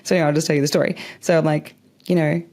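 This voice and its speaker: Young aussie woman, low voice, rambly bubbly podcast host, swears a lot. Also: steady tone, racing, darkish tone. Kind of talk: casual chat.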